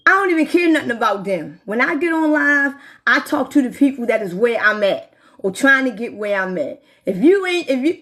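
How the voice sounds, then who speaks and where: A woman's voice: a little high, fairly bright tone. A woman in her forties ranting on a live stream, swearing constantly and talking straight to her viewers. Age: 40s. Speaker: livestreamer. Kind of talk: profane live-stream rant.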